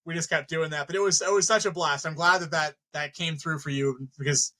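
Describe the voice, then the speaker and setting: Animated bright-voiced man telling stories. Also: a little high, brisk, poor audio. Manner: animated, swearing freely, acts out his own reactions. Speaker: filmmaker guest. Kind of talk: casual storytelling.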